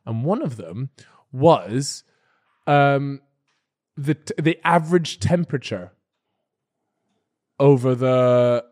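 A man's voice: mid-range voice, animated, a little mellow. A man co-hosting a podcast, chatting casually and teasing his co-hosts. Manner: teasing, quick to joke. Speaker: podcast co-host. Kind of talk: casual chat.

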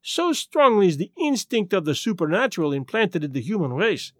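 A man's voice: sits high, big pitch swings, dry recording, studio quality. Poirot, a man doing a placid, precise little detective. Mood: grave. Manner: gentle, precise, deliberate.

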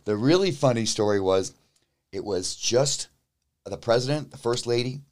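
A man, a musician guest, telling a story in a casual interview, animated and acting out what people said, with some stammered restarts. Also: medium pitch, moderate pace.

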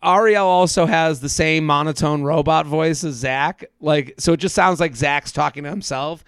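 A man co-hosting a podcast in casual chat, talking fast with animated asides and acting out quotes. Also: on the high side, clear, resonant tone, no room sound. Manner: animated, quick asides, acts out quotes in a flat robot voice. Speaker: podcast co-host. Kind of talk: casual chat recapping a reality show.

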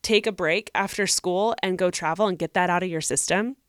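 A woman's voice: fairly low pitch, fairly quick, no echo, clean studio sound. A young woman co-hosting a podcast, giving earnest, encouraging advice to a listener in casual chat. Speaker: podcast co-host.

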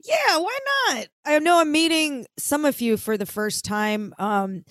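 Female comic, 30s, high voice, playful stand-up delivery, laughs at own jokes, dry close recording. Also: animated, measured pace, fairly bright tone, no echo. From Florida. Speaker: guest comedian. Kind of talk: stand-up set on a podcast.

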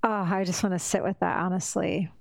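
A woman's voice: lowish voice, steady tone, fairly quick, vocal fry, dry recording. A woman hosting a casual interview, talking in an effusive, emphatic, spiritual way. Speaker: podcast host. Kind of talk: casual heartfelt interview chat.

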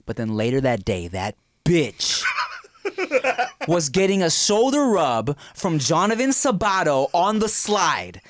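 A man's voice: a little high, wildly swooping pitch, slow, dry recording. A man from Southern California telling childhood stories in casual podcast chat, laughing often and acting out the quotes.

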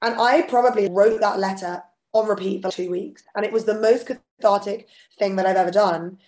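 A woman co-hosting a podcast, talking in a chatty, expressive way as she shares personal stories. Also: mid-range voice, moderate pace. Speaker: podcast co-host. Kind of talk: casual podcast chat.

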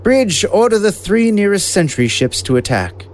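Brief: man putting on a glacially calm alien admiral, precise and commanding, swooping pitch. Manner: calm, even, unhurried. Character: coolly calculating alien male grand admiral.

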